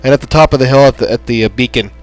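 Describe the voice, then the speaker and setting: A man hosting a gaming channel, chatting in a rambling, halting way with lots of fillers as he wraps up a playthrough. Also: mid-range voice, poor audio. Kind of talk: casual gameplay commentary. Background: soft background music.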